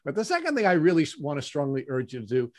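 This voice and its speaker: A man's voice: fairly high pitch, wildly swooping pitch, quick pace, no echo, studio quality. A man hosting an interview, talking earnestly with frequent restarts and repeated words. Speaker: podcast host. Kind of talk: interview conversation.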